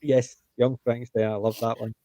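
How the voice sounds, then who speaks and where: Older Scottish man, mellow and dry. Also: medium pitch, brisk, no room sound, poor audio. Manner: chatty, animated storytelling with acted-out quotes. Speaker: host. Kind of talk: casual group chat.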